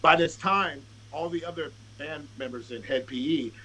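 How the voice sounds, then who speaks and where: A man's voice: a little high, moderate pace, husky, low-quality recording. A man guest on a podcast, a rapper telling a casual, profane story and acting out what people said. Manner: profane, animated, acts out quotes.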